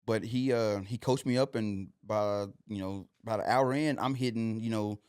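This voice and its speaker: Low-voiced man telling stories. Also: steady tone, moderate pace, darkish tone, clean tone, no echo, clean studio sound. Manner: loose, rambling, full of "like" and "you know". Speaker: podcast guest. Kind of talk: casual storytelling.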